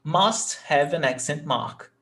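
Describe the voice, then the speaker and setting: A man with a Brazilian Portuguese accent teaches a live online class. He talks slowly in a slightly raised voice, repeats example sentences, and keeps checking that his students follow. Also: fairly high pitch, a bit bright. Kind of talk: live online language lesson.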